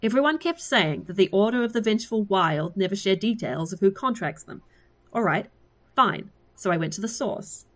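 A woman reading aloud, voicing a sharp-tongued young woman on the run with a snappish, sarcastic manner. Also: medium pitch, expressive, moderate pace, close to an everyday voice. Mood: sardonic. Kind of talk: read-aloud story.

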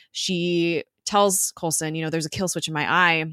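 A woman's voice: sits low, fairly even intonation, fairly quick, few pauses, sharp tone, smooth, dry recording, clean studio sound. A woman co-hosting a podcast, chatting casually as she recaps an episode, laughing often. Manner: chatty, laughs often, recounts scenes with quoted voices. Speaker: podcast co-host.

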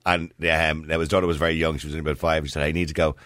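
A man's voice: a bass voice, little pitch movement, rapid-fire, fairly bright tone, dry recording, studio quality. A man hosting a call-in radio show, joking and laughing often with callers. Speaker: radio host.

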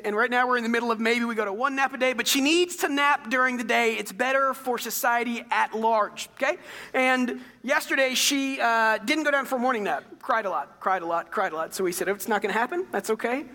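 A man in his thirties preaching a sermon, telling stories with big swings between quiet and loud passages. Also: sits high. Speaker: pastor. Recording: long hall reverb.

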